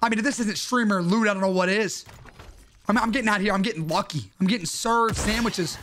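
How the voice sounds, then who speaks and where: A man's voice: high-pitched, quick pace, fairly bright tone. A young man streaming a shooter game, trash-talking opponents with joking, swearing banter. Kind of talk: live gameplay commentary.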